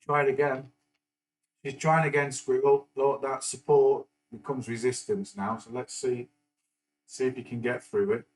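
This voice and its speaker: A man's voice: mid-range voice, steady tone, moderate pace, slight background noise, low-quality recording. A middle-aged man from England, chatting casually on a live stream and rambling with many fillers and restarts. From northern England. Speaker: stock market livestream host.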